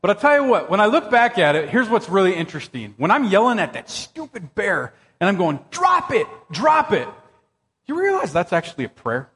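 A man preaching a sermon, telling a personal story in an animated, excitable way that jumps up into high exclamations. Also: brisk, few pauses. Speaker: pastor. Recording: long reverb of a church hall.

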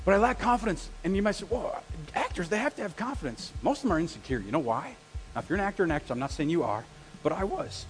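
High-voiced pastor preaching in a reverberant hall. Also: male voice. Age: adult with a wife, past graduate study. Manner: lively storytelling with self-deprecating humor. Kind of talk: sermon. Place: church sanctuary. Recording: long reverb of a church hall.

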